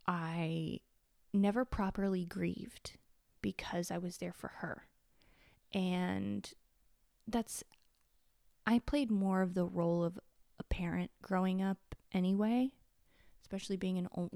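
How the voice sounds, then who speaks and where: Solo podcast host, woman in her thirties, tearful, swears freely, mellow tone, dry close sound. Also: lowish voice, steady tone, a little slow, long pauses, no room sound. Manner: candid, blunt, swears freely. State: tearful, sniffling. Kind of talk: confessional solo podcast talk.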